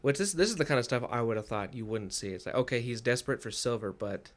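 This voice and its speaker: A man co-hosting a podcast who chats casually about a book, chiming in with quick asides and hedges. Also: medium pitch. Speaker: podcast co-host.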